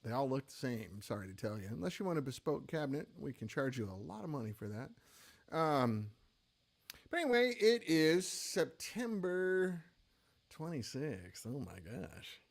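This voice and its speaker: A man's voice: mid-range voice, big pitch swings, normal speed, gravelly. A tired, middle-aged man hosting a casual gear-shop livestream, chatty and rambling with self-deprecating asides.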